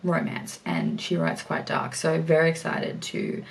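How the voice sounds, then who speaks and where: A woman talks casually through her reading in a home vlog, thinking aloud and restarting her sentences. Her voice sits low. A faint hiss of room noise runs under it. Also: big pitch swings, measured pace, vocal fry, far from the mic. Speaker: book vlogger. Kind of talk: casual book review vlog. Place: home, working indoors.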